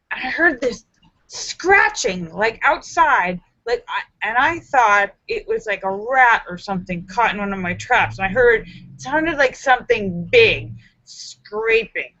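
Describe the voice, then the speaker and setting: A woman's voice: a little high, big pitch swings, unhurried, bright, forceful tone, no room sound, lo-fi sound. A woman hosting a casual live stream from home, greeting viewers by name and telling a story with squeals and exclamations. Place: home in the city.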